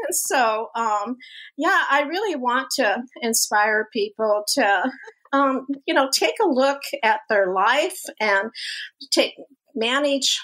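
High-voiced animated woman in her sixties. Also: slow pace. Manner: animated storyteller who laughs often. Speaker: guest, college activity instructor. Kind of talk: casual interview talk.

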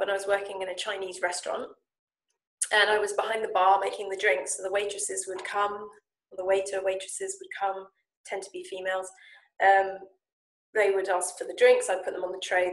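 Brief: woman, coach telling stories, animated, echoing room, mid-pitched voice. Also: normal speed. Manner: lively, animated retelling with acted-out quotes. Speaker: Japanese speaking coach and founder. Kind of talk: casual storytelling talk. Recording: echoey room.

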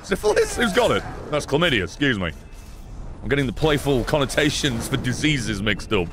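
A man giving live gameplay commentary, excitable, swearing and bursting into laughter. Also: mid-range voice, normal speed, noisy background. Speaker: gaming streamer.

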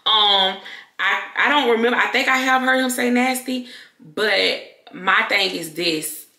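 A woman YouTuber talking candidly to her viewers, loud and expressive, in casual talk to camera. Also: medium pitch, unhurried, gravelly. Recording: echoey room.

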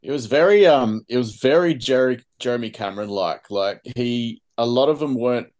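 A man's voice: mid-range voice, normal speed, darkish tone. A man co-hosting a podcast, thoughtful and hesitant, with frequent ums. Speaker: podcast co-host. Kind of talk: casual chat.

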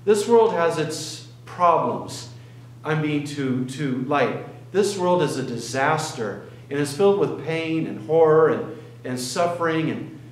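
A male pastor preaching in an earnest, halting manner, pausing and restarting as he tells a story. His voice sits a little higher than most men's, and it rings around a roomy, echoing church. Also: a little hiss or hum. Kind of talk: sermon. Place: church sanctuary.

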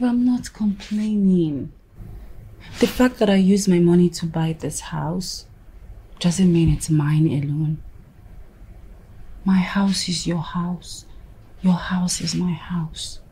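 A woman playing a soft, pleading young wife. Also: on the low side, slight background noise. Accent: Nigerian. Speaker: wife and daughter.

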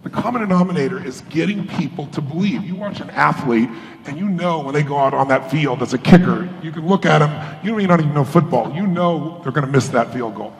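A man's voice: on the high side, expressive, brisk. A man giving a motivational keynote talk to a live audience, telling stories and acting out the voices of people in them. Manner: storytelling, acts out quoted voices. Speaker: motivational speaker. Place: large conference hall. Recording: echoey hall with faint ambience.

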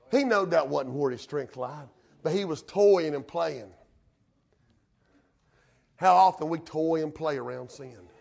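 Brief: male preacher, high tenor, folksy country delivery, hushed to shouting. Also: vocal fry. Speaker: pastor. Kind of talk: sermon.

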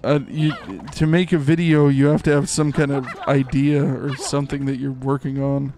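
A young man giving goofy, excitable live commentary while playing a game, rambling with many fillers. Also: mid-range voice, moderate pace. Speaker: streamer. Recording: faint game music behind.

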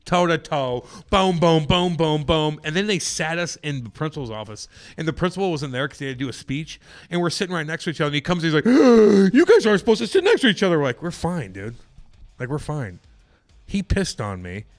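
A man's voice: a little high, animated, brisk. A man co-hosting a podcast, telling crude stories in a rowdy, profane, joking way. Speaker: podcast co-host. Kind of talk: casual podcast banter.

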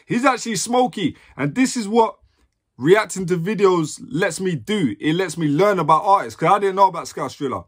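A man's voice: high voice, animated, moderate pace, breathy edge. A man from London with a London accent, hosting a music reaction video with hyped, slangy commentary.

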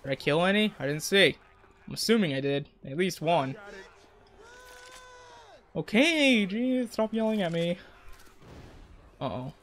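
A young man giving jokey, excitable commentary on a game while he plays, his voice cracking now and then. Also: high voice, unhurried, long pauses. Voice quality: voice keeps cracking. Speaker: gaming YouTuber. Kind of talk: let's play commentary.

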